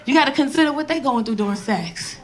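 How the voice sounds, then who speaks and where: A woman in her forties performing a loud, animated stand-up set with crowd work, telling stories to a live audience. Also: high voice, quick pace. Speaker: stand-up comedian. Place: comedy club stage with live audience. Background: audience laughter.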